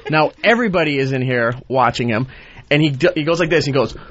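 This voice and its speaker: A man on a radio show, deliberately recounting a workplace incident. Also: on the high side, a bit bright. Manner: deliberate storytelling. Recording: dull radio broadcast with faint noise.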